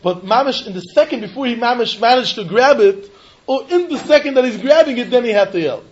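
A man with a very high voice teaches a Talmud lesson in a lively, sing-song way. His voice swoops up and down as he poses rhetorical questions and laughs between points. The recording sounds dull and lo-fi. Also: a little fast. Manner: sing-song, mixing English, Yiddish and Hebrew. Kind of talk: animated yeshiva-style Talmud lecture.

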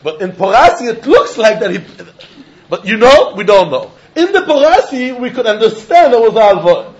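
A man's voice: high-pitched, big pitch swings, moderate pace. A man teaching a Talmud lesson, arguing both sides back and forth and often laughing as he explains. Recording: dull lo-fi recording.

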